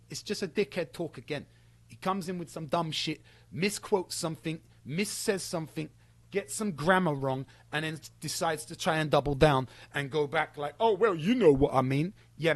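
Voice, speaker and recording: A man's voice: fairly high pitch, no room sound. A man delivering an angry, profane, sarcastic callout rant against a rival. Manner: heated, profane, sarcastic, mocking. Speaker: streamer calling out a rival.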